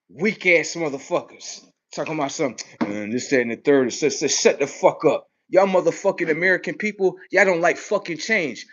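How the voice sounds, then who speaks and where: Man with a fairly high voice, aggressive profane ranting vlogger who jumps from shouting to low mutters, dull lo-fi recording. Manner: aggressive, cursing, mocking; swings between loud outbursts and low mutters. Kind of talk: profane street rant.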